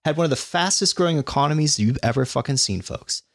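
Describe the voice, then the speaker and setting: A man's voice: a little high, lively intonation, fast, gravelly, dry recording, clean studio sound. A man co-hosting a podcast, chiming in with sarcastic, profane remarks in casual political banter. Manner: sarcastic, swearing. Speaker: podcast co-host.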